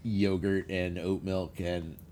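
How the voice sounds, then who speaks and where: Brief: podcast co-host, male, very low and hoarse morning voice, rambling and restarting lines. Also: level tone, slow pace, warm tone, a little hiss or hum. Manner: rambling, stumbles over words. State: hoarse, just woke up. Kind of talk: casual chat.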